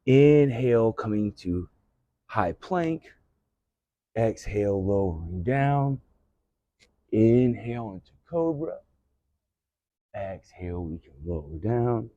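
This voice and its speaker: A man teaching yoga, giving calm breath-paced cues and gentle encouragement, out of breath. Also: lowish voice, slow pace, pauses often, no echo, lo-fi sound. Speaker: yoga instructor. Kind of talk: guided yoga cueing.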